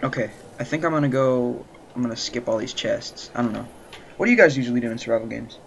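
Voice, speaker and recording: Guy playing a game and joking with a friend, gets loud and silly, faint hiss behind. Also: medium pitch, quick pace, gravelly. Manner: excitable, jokey, bursts into loud shouts and silly voices. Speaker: gaming channel host. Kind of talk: casual gameplay chat.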